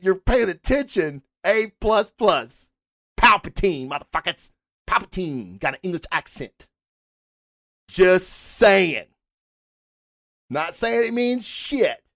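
A fan-show host talking casually on a livestream and answering viewers in chat, animated and rambling, who swears freely. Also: medium pitch, no room sound, studio quality.

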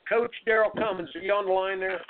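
A man's voice: high voice, steady tone, fast, background noise. A man hosting a radio talk show, telling stories in an emphatic, folksy, motivational way. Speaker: radio show host and tennis coach. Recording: narrow phone-like radio sound.

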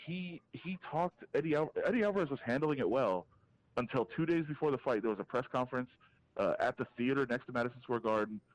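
Male sports reporter on a podcast call, mid-pitched, animated and opinionated, talks in quick restarts. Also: low-quality recording. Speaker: MMA reporter, guest. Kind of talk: casual podcast interview, calling in.

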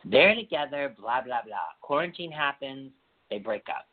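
A woman's voice: a bass voice, lively intonation, moderate pace. A woman hosting a podcast, chatting casually and animatedly with strong opinions and gossipy storytelling. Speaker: podcast host. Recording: tinny phone-like sound.

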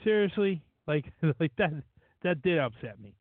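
A man's voice: fairly high pitch, very animated, normal speed, no echo. Opinionated man on a tinny line. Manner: opinionated, repeats "you know". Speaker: podcast co-host. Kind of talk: casual sports chat. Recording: dry, tinny phone-like audio.

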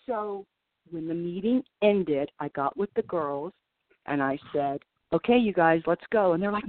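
A woman guest telling animated stories in a casual interview, laughing and acting out the people she quotes. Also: medium pitch, normal speed, no echo. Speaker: guest, former wrestler. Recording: tinny phone line, dry.

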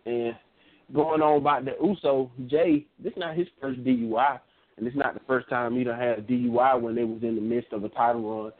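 A man co-hosting a wrestling show, telling a story in a relaxed, casual way with a Southern dialect. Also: medium pitch, fairly quick. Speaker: podcast co-host. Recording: phone-line audio.

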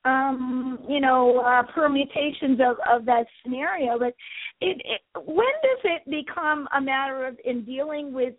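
High-voiced woman host, halting and thinking aloud, over a dry, phone-like line. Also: dry recording. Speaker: radio show host. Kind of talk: conversational interview.

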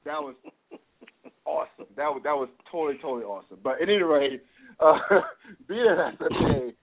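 On tinny, phone-like audio, a podcast host with a fairly high-pitched, fast voice leads a casual sports chat. He's excitable and rambling, repeating words and restarting as he builds toward his point.

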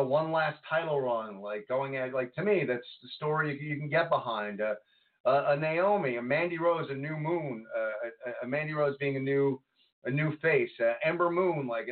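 A man co-hosting a podcast, chatting casually about wrestling in an animated, exasperated way. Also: fairly high pitch, fairly quick. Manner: animated, exasperated ranting, breaks into laughter. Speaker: podcast co-host. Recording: tinny phone-like audio.

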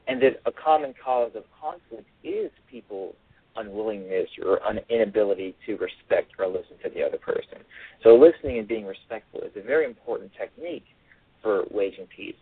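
A man's voice: fairly low pitch, breathy edge, no echo. A male author giving a radio interview over the phone, earnest and repeating his phrases as he explains. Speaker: author and guest. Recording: tinny phone line.

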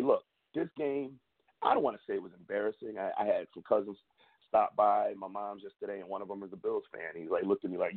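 A young man hosting his own sports show, venting in a fired-up, repetitive way with big jumps in pitch. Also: vocal fry, husky. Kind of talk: fan rant and commentary. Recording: tinny phone-like audio.

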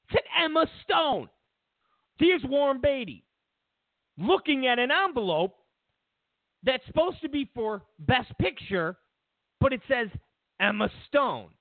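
Speaking slowly with long pauses, this male host delivers a political commentary monologue, mocking others by imitating their quotes in goofy voices. His very high voice has a sing-song lilt. There's no echo, and the audio has phone-like quality.

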